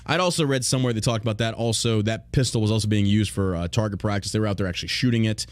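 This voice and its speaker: A man's voice: lowish voice, very fast, no room sound. A man hosting a podcast, talking bluntly and profanely in a mocking, opinionated rant. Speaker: podcast host.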